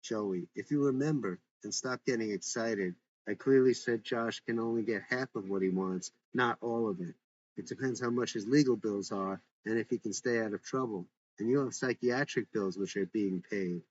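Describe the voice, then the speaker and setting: A stern middle-aged father, voiced by a man in a storybook reading, laying down the rules firmly. His voice sits low and the recording is dull and lo-fi. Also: moderate pace, a little hiss or hum, natural voice. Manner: firm, lecturing.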